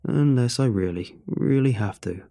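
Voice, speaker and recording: A man's voice: mid-range voice, lively intonation, moderate pace, creaky, dark tone. Man voicing a blunt wry seasoned man.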